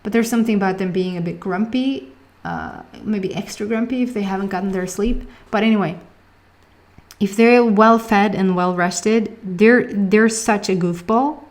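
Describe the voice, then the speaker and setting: A woman's voice: mid-range voice, moderate pace. A woman with a Swedish accent giving a casual tarot reading, chatty, laughing often and searching for words. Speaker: tarot reader.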